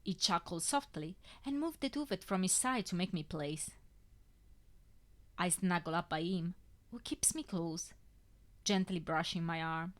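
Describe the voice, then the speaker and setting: A woman's voice: lowish voice, measured pace. Woman reading a first-person story. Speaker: fanfiction reader.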